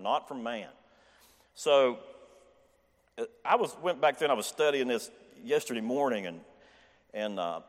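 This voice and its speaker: A man teaching a Bible passage to a church group in an informal, conversational way. He often restarts his sentences and checks in with the listeners by asking "okay?". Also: mid-range voice. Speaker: lay preacher. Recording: long church reverb.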